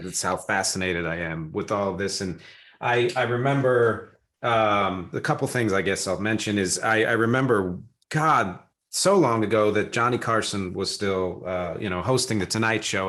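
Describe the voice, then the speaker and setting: A man's voice: mid-range voice, a bit bright. A middle-aged man with a Philadelphia-area accent, a podcast host chatting casually and eagerly, often restarting his sentences. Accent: Philadelphia-area American. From South Jersey / Philadelphia area. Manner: enthusiastic, rambling, with restarts. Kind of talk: casual interview chat.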